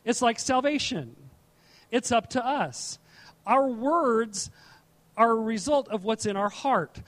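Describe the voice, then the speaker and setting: A middle-aged pastor with a high-pitched voice delivers a sermon in an easygoing, conversational way. He reads scripture aloud and breaks off into chatty asides, often restarting his sentences. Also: expressive, slow pace, a bit bright.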